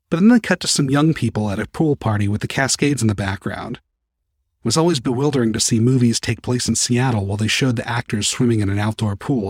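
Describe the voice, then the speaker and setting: A man narrating a first-person story as an audiobook reader, calm and even. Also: mid-range voice, husky, no echo, studio quality.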